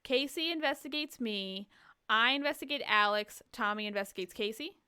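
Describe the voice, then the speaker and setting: A woman hosting a game-night stream, chatting casually with friends in a quick, laughing, self-mocking way. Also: a little high, pushed and bright, clean tone. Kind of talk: casual chat among friends.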